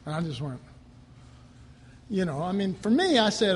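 A man preaching an informal sermon, chatting and joking between readings and rising to animated emphasis. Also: high voice, moderate pace, long pauses, husky, big-room sound.

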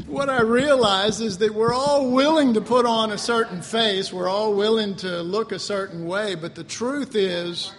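Older man, pastor, folksy sermon storytelling, fairly high voice, long reverberant hall. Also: measured pace, few pauses. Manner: folksy storytelling with chuckles and throat-clearing.

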